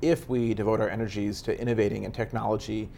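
Earnest man explaining ideas calmly. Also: lowish voice, fast talker, vocal fry, a little hiss or hum. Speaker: author and technologist guest. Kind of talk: measured interview answers.

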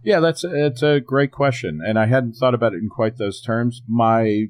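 A man's voice: mid-range voice, normal speed. Blunt, profane man on a panel. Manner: blunt, profane, rambling with many fillers. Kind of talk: podcast discussion.

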